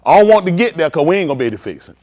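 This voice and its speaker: A man preaching in a casual, conversational style, swinging from quiet to loud and acting out conversations. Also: a little high, racing. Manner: animated, shifting between quiet and loud, acts out dialogue. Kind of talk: livestreamed sermon.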